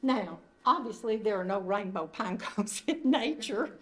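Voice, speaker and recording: An older woman speaks at a middle pitch, leading a retreat group through an informal teaching talk. Her phrasing is loose, gentle and conversational, in an indoor meeting room. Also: expressive, measured pace. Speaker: retreat leader.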